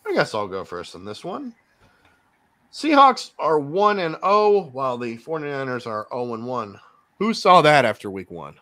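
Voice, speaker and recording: A man hosting a casual podcast, giving his football picks and swinging between loud remarks and muttered asides. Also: medium pitch, huge pitch swings, moderate pace. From Miami Dolphins fan. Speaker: podcast host. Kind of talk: casual sports picks chat.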